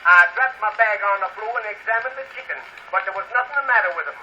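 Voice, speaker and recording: A sly, fast-talking defendant in an old vaudeville sketch, spinning innocent excuses in a high, bright drawl. The tone is sharp and thin. The recording is dull and lo-fi, with faint cylinder hiss. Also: male voice. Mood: excusing. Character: sly, smooth-talking man accused of chicken theft.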